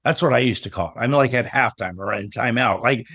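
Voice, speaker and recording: A man's voice: mid-range voice, fairly quick, gravelly, hardly any pauses, husky, dry recording, studio quality. A middle-aged man, a business coach, tells a personal story as a guest in a casual interview, acting out the lines of the people in it. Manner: animated storyteller who acts out remembered dialogue.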